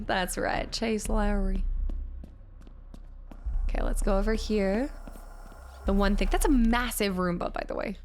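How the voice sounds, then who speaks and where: A woman's voice: mid-range voice, vocal fry, a little hiss or hum. A woman streaming a horror game live, chatting with viewers and reading on-screen text aloud as she plays.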